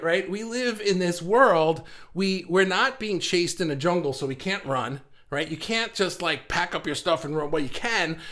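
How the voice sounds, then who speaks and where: A middle-aged man talks casually on a live stream, rambling through his thoughts with plenty of fillers and easy laughs at his own jokes. His voice sits a little higher than most men's. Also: a bit bright. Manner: chatty and rambling, laughs at himself, many fillers. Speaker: live stream host reading viewer comments.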